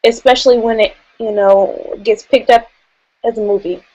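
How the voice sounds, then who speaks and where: A woman's voice: a little high, fairly even intonation, moderate pace, warm tone, low-quality recording. A woman co-hosting a casual book podcast, joking and teasing her co-host.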